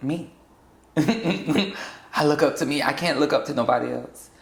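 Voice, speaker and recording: A young trans woman from South Florida speaking in a candid sit-down interview, blunt and sassy and quick to laugh. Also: deep voice, creaky, roomy sound. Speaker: interview guest.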